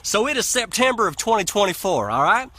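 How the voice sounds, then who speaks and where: A man spins a comic joke as a folksy storyteller. His voice is high-pitched and bright, with a lively bounce. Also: fairly quick, no echo. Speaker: comedian storyteller.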